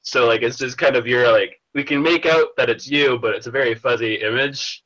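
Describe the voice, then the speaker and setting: A man's voice: mid-range voice, a little fast, bright, forceful tone, dull audio. A tired Canadian man from British Columbia, chatting casually on a video call, rambling and laughing as he talks. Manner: rambling, self-interrupting, laughs often.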